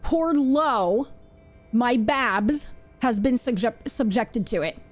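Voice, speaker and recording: A woman's voice: fairly high pitch, expressive, slow, faint music behind. A woman live-streaming a game, chatting casually and playfully and laughing often.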